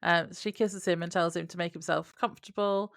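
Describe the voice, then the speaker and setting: A woman co-hosting a podcast, recapping an episode in a relaxed way and laughing often. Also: on the low side, fairly quick, vocal fry, no echo. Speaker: podcast co-host. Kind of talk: casual recap chat.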